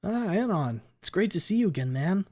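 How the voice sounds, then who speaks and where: A man's voice: sits high, sing-song, normal speed, darkish tone, pitched above the performer's own voice. A man voicing a young man, a blood-soaked dead friend who greets the narrator with eerie cheer. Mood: cheerful.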